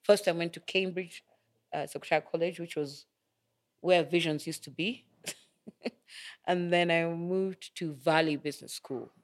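A woman's voice: lowish voice, fairly even intonation, a little slow, pauses often. A middle-aged woman from Kenya, a guest in an interview, telling stories casually and laughing often. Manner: chatty, laughs often, acts out quoted dialogue.

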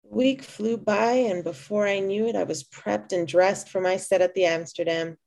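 A woman author and poet reading her own fiction aloud in a measured, expressive way. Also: mid-range voice, creaky.

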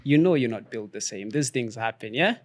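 A man's voice: medium pitch, expressive, fairly quick. A man co-hosting a podcast, chatting casually and rambling with lots of slang. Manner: slangy, says bro a lot, rambling. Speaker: podcast co-host.

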